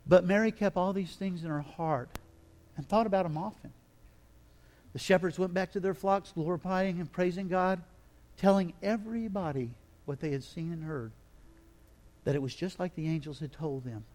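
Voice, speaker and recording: High-voiced man preaching dramatically. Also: moderate pace. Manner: dramatic, swings from hushed to loud and emphatic. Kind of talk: sermon.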